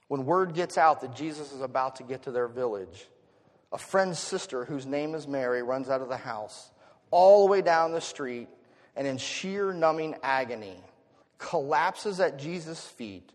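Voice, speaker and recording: A middle-aged man preaching a sermon as pastor, dropping to a hush and then rising loud in an expressive delivery. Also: medium pitch, a little slow. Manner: expressive, swinging from hushed to loud. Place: church sanctuary. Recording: long reverb of a hall.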